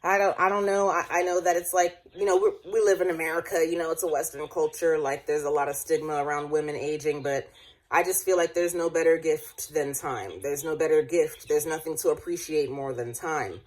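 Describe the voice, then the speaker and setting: A woman in her late twenties with a slightly low voice, speaking to camera in a personal vlog. She talks in a loose, rambling way, restarting her sentences often and breaking into laughs. Now and then her voice wavers close to tears. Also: steady tone, a little fast, darkish tone. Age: late 20s. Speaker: vlogger.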